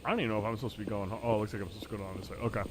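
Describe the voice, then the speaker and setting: A man's voice: on the low side, fairly even intonation, very fast, noisy background. A man chatting casually and reading game lines aloud as he streams a video game, swearing now and then. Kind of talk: casual live-stream commentary. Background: game music.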